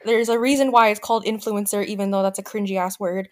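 A woman's voice: medium pitch, fairly even intonation, quick pace, darkish tone. A young woman co-hosting a podcast, chatting in an easygoing, supportive way. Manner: easygoing, supportive, says "like" often. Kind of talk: casual chat.

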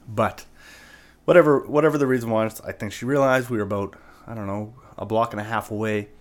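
A man's voice: on the low side, steady tone, brisk. A man telling a personal story in a casual, rambling way, swearing often and filling his talk with "like" and "right?". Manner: rambling and profane, full of "like" and "right?".

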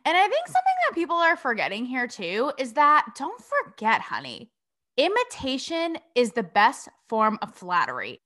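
Her voice sits high and swings hugely in pitch, a bit bright, at a moderate pace with few pauses. She's a young adult podcast host from Connecticut doing a casual commentary monologue, blunt and sassy, full of curses and rhetorical questions.

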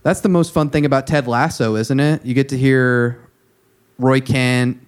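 Male podcast co-host, loose conversational delivery, halting with fillers. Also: mid-range voice, fairly even intonation, smooth. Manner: rambling, many fillers and restarts. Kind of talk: casual music chat.

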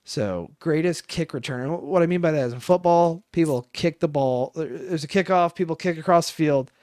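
A young man tells a story on a podcast, swearing freely and acting out each person in it. His voice sits a bit high for a man and comes across dry and close, with no room around it. His telling is lively and casual. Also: fairly quick, no echo. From Chicago area, United States. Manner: animated, swears a lot, acts out quoted voices. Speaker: podcast co-host.

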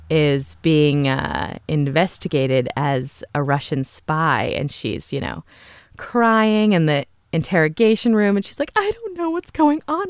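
Low-voiced, gushing woman podcast host. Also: clear, resonant tone, no echo, clean studio sound. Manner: gushing, rambling, laughs often. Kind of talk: casual podcast monologue.

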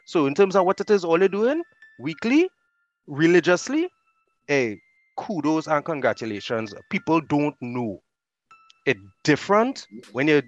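A man with a Trinidadian accent, a radio host chatting as a podcast guest, telling animated stories. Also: on the high side, a little slow, no room sound, muffled recording. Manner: animated storyteller, laughs easily. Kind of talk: casual chat.

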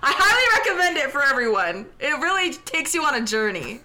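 A woman co-hosting a casual chat, telling rambling stories with quick apologies and laughs. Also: high-pitched, very animated, sharp tone, a little hiss or hum.

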